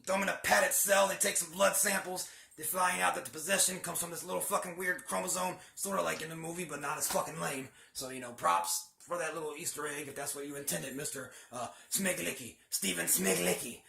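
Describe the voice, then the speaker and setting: A man rambles through a story recap, swearing freely and using slang. His voice is high, heavily gravelly and bright, and it bounces around an echoey room. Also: steady tone, fairly quick, hardly any pauses, a little hiss or hum. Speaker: channel host. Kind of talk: casual story retelling.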